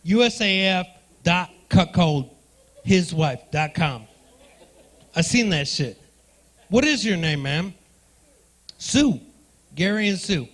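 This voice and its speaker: A man's voice: sits high, animated, takes it slowly, pauses often, fairly bright tone. A man doing a stand-up comedy set in a club, working the front row with brash, profane banter into a handheld mic. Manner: brash, profane crowd work.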